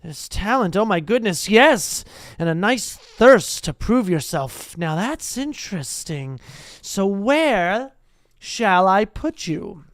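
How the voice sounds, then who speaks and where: A reader voicing a talking magical hat that muses slowly while sizing up a boy, in a storybook reading. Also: medium pitch, very animated, no room sound, studio quality. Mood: musing.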